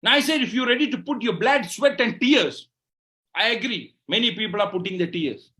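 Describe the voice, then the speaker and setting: A man with a high voice and a Malayali Indian English accent delivers a motivational speech. He fires off rhetorical questions and checks in with the crowd by asking "right?" after each point. His delivery stays animated throughout. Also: fairly quick. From Kerala, India. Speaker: motivational speaker.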